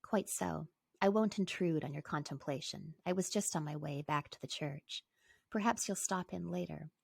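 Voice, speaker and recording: A man's voice: fairly high pitch, normal speed, vocal fry, dry recording, studio quality. Woman reading as a formal young priest. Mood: courteous. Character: odd young male priest, courteous.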